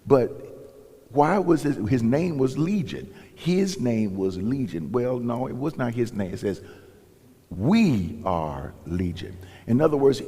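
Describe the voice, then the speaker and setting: A man delivers a sermon with a low, husky, mellow voice that swings widely in pitch. He tells the story with animation and acts out the characters' lines in different voices. His voice carries the long reverb of a large church sanctuary. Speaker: pastor.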